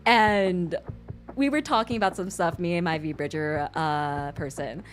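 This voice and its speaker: A woman streamer chatting casually on a livestream, expressive and quick to laugh, swearing freely. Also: on the low side, faint music behind.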